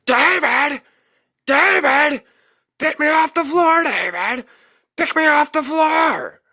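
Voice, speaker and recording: A man voicing a drunken elderly man who yells for help in a high screech. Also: expressive, takes it slowly, exaggerated voice. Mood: screaming.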